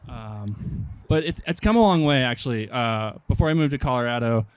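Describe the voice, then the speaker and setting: A young man from Nebraska doing a stand-up comedy set, deadpan and hesitant, with many pauses and ums. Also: mid-range voice, clear, resonant tone, dry recording. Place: outdoor park stage.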